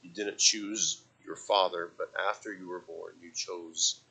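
A man preaching a sermon, swinging from loud impassioned passages to soft, quiet reflection and quoting scripture in old-fashioned wording. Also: low-pitched, steady tone, unhurried, gravelly, husky, poor audio.

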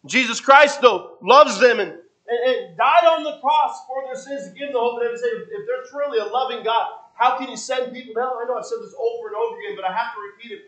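A man preaching a sermon, often repeating and restarting his phrases, and moving between soft low asides and loud bursts. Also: brisk, low-quality recording.

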